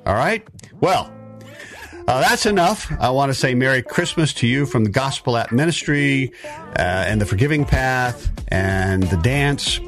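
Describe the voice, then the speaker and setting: A man's voice: medium pitch, animated, a little slow, fairly bright tone, faint music behind. A man teaching a sermon-style Bible talk for a podcast, emphatic, with frequent fillers and restarts. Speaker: podcast preacher.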